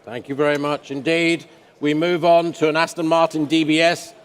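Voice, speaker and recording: A man presenting cars at an auction, describing each lot in a relaxed, chatty way and joking with the auctioneer. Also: a little high, normal speed, clear, resonant tone. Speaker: car specialist presenting lots. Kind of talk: live auction lot commentary. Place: large exhibition hall auction room. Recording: long hall reverb.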